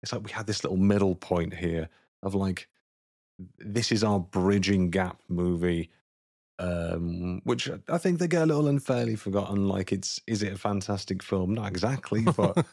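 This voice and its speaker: A man's voice: low-pitched, normal speed, a little mellow, no echo, studio quality. A man co-hosting a film podcast, chatting casually and rambling with lots of fillers and jokes. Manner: rambling, filler-heavy, joking. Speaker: podcast co-host.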